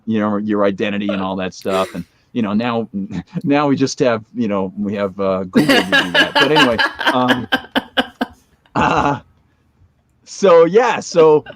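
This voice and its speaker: A man's voice: lowish voice, very animated, unhurried, fairly bright tone, no echo. A man in his fifties, a podcast guest telling a long story in a casual, rambling way, with restarts and chuckles along the way.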